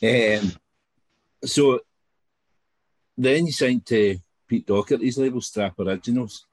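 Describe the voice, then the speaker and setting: A man hosting a podcast and asking easy-going questions in a relaxed chat. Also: mid-range voice, slow, dry recording. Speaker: podcast host. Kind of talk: casual interview chat.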